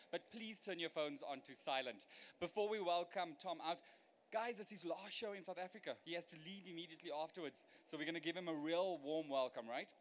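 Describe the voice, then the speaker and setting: A male show host making upbeat stage announcements and warming up the audience before introducing a guest. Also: fairly high pitch, a little hiss or hum. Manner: upbeat crowd-rousing announcer. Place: large exhibition stage.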